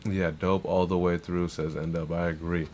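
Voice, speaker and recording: A man's voice: low voice, level tone, normal speed, darkish tone, a little hiss or hum. A man hosting a livestream, reacting to rap verses in loose, profane, rambling casual talk full of restarts.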